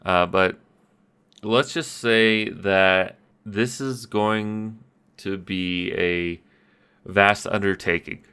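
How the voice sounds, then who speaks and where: A man's voice: fairly low pitch, fairly even intonation, bright, forceful tone, smooth. A man casually recapping his tabletop game session as game master, rambling and self-deprecating. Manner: rambling, self-deprecating, with restarts and quick quoted voices. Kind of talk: casual solo recap podcast. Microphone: audio-only podcast mic.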